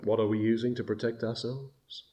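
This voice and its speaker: A man preaching a sermon, slow and deliberate, rising to loud emphatic bursts on key words. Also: mid-range voice, steady tone, lo-fi sound.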